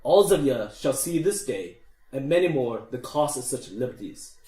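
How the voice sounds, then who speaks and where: A man voicing a stern dwarf king in a put-on Scottish accent, speaking in a deep, booming way while rallying his recruits. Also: big pitch swings, moderate pace, dark tone, echoey room, natural voice, poor audio. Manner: deep booming oratory, lower than his own voice. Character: stern dwarf king giving a rousing speech.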